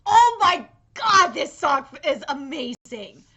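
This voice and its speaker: Very high, bright, gushing young woman. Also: takes it slowly. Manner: gushing, excitable, swears a lot, squealing outbursts. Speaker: anime reaction streamer. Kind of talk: live reaction commentary.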